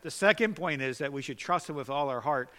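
A man preaching a sermon in an earnest way, swinging between loud exhortation and quiet questioning. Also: a little high, fairly quick, big-room sound.

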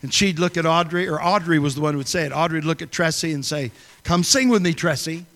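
Folksy pastor, slightly high voice, echoing church. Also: male voice, steady tone, quick pace, fairly bright tone. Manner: folksy, conversational storytelling. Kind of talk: storytelling sermon. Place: church sanctuary. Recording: long reverb of a church hall.

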